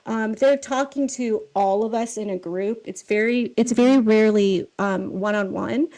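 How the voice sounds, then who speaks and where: A woman guest on a podcast, a film costumer, telling casual stories with an animated, self-deprecating manner and frequent laughter. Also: medium pitch, moderate pace, low-quality recording.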